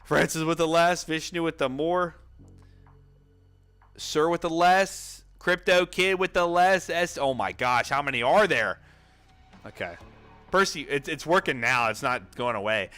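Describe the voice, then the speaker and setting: A man hosting a trading livestream in casual chat, reading out viewer names rapidly with excited outbursts and running out of breath. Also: a little high, clean tone, soft background music.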